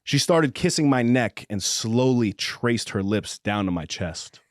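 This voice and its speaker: A middle-aged man hosting a podcast, reading aloud in a low, measured voice and joking between passages. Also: lively intonation, dry recording, clean studio sound. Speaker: podcast host. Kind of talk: casual chat, reading a novel excerpt aloud. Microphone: studio microphone with headphones.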